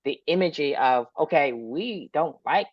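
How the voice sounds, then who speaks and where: A woman's voice: sits low, animated, moderate pace, no room sound, muffled recording. A woman co-hosting a podcast in casual chat, speaking emphatically and bluntly and swearing freely. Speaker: podcast co-host.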